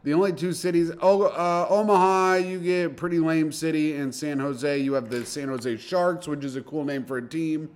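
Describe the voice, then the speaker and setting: A man's voice: on the high side, darkish tone. A man from Indiana hosting a casual comedy podcast, joking and rattling off lists. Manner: jokey, rattles off lists in rapid fire. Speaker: podcast host.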